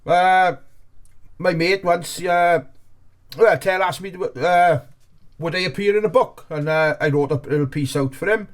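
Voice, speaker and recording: A man's voice: high-pitched, measured pace. Man, chatty co-host. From Wales. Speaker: podcast co-host. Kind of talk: casual banter.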